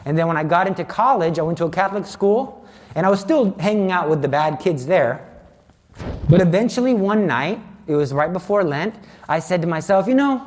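Guy with a fairly high voice telling his faith story, earnest and dramatic. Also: lively intonation, a little fast. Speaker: Catholic speaker. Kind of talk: personal faith testimony.

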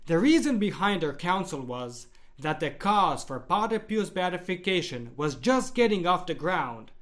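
A man narrating a devotional story in a measured, expressive storytelling manner. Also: sits high.

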